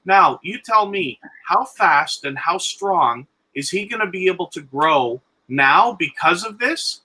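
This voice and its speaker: A man's voice: high-pitched, expressive, a little slow, bright, forceful tone, husky, low-quality recording. A man speaking earnestly as a guest on a live stream, giving encouragement and advice.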